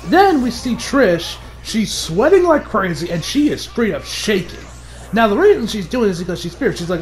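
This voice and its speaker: A man giving a casual, animated episode recap, often laughing and acting out the characters' lines. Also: sits high, moderate pace, a little hiss or hum. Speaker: anime reviewer.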